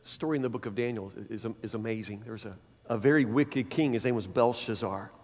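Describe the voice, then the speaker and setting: A man preacher telling a Bible story in a sermon, animated and dramatic, often repeating his phrases. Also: mid-range voice, a little fast. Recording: long hall reverb.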